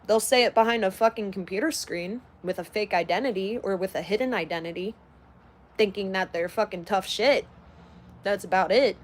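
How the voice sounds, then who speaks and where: A woman's voice: mid-range voice, moderate pace. A woman in her late twenties chatting casually on a livestream, reading out comments in a blunt, heavily profane way. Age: 20s.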